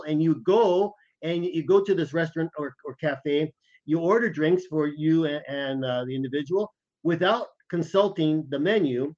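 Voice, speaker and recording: A man co-hosting a podcast, telling anecdotes in a lively way and acting out the quoted lines. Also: on the high side, moderate pace. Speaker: podcast co-host, former intelligence officer. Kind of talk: casual podcast storytelling. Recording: dull, muffled audio.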